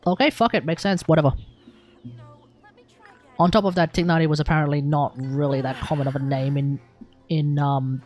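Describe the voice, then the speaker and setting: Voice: mid-range voice, darkish tone, slight background noise. A young adult with an Australian accent, chatting casually on a game live stream, rambling, swearing freely and restarting sentences.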